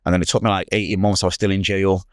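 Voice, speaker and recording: A man, a podcast guest telling a personal story in rapid, slangy speech and acting out the people in it. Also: low-pitched, dry recording, clean studio sound. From Manchester, England. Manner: rapid, slangy, retells scenes with animated quoted voices.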